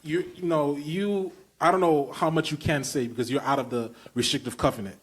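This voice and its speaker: A man's voice: fairly high pitch, fairly quick, slightly rough. Emphatic Brooklyn man hosting a podcast. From Brooklyn, New York. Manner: enthusiastic, emphatic, loose slangy phrasing. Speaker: podcast host. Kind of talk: casual podcast conversation.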